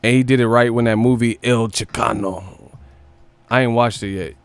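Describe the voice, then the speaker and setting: A man's voice: mid-range voice, fairly even intonation, normal speed, smooth, dry recording. A young man, hosting a casual live stream and talking in a slangy, profane way. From Northern California. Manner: slangy and profane, mocks with put-on voices and laughter.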